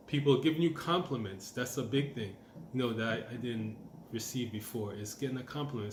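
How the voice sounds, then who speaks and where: A man's voice: mid-range voice, roomy sound, a little hiss or hum. A middle-aged man giving a casual, encouraging self-help talk as a manifestation coach, repeating his points and using lots of fillers.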